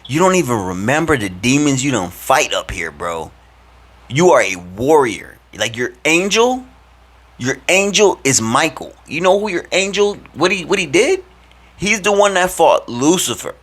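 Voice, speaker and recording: A man's voice: a little high, big pitch swings, normal speed, a bit bright, pitched above the performer's own voice. A man voicing God as a casual, teasing father figure who talks slang and calls him bro. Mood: amused, teasing.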